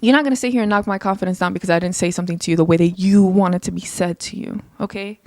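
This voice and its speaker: A young woman hosting her own podcast, talking casually and passionately, her voice climbing high when she gets heated. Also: steady tone, racing, no room sound, studio quality. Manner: passionate, emphatic, rises into heated rants. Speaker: podcast host. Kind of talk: casual solo podcast monologue.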